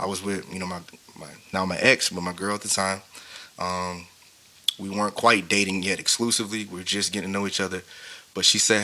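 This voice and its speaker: A man's voice: fairly low pitch, sharp tone. A man in his thirties, a podcast host, telling a painful personal story in a casual, heartfelt way, with many fillers. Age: 30s. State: tearful, grieving.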